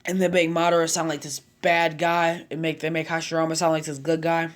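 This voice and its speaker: A man's voice: a little high, flat delivery, fairly quick. Casual man narrating a fan story. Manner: casual, rambling, with asides.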